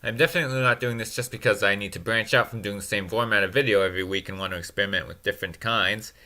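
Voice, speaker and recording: A man giving a sarcastic, self-mocking comedy recap of a movie in a deadpan, snarky way. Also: lowish voice, fast. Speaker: movie reviewer.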